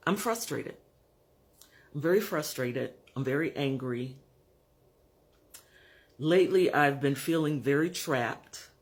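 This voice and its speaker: Older guy vlogging at home, talks real slow and blunt, stops a lot to find the words, kinda higher voice. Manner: frank, measured, pausing to search for words. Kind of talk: candid personal vlog monologue.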